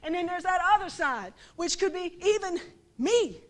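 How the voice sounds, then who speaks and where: Middle aged lady preaching, high voice, real chatty, keeps asking do you see what i mean. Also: lively intonation, moderate pace. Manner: chatty, asks the listeners rhetorical questions. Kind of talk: conversational sermon.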